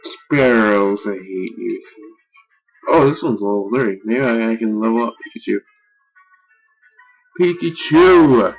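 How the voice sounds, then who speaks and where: A young man giving casual gameplay commentary, excitable and easily frustrated, swearing and yelling at his game. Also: mid-range voice, a little slow, long pauses, slightly rough, highs cut off, faint music behind. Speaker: let's play gamer.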